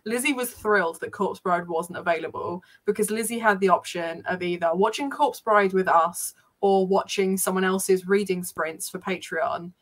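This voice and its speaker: A woman co-hosting a casual online film chat, chatty and quick to laugh. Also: medium pitch. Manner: chatty, laughs often, acts out quotes. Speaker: co-host.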